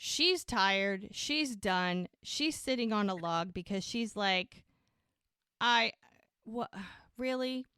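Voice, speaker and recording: A woman's voice: medium pitch, animated, slow pace, few pauses, bright, forceful tone, clean tone, no room sound, clean studio sound. Chatty woman recapping an episode. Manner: chatty storytelling, acts out quotes. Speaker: podcast co-host.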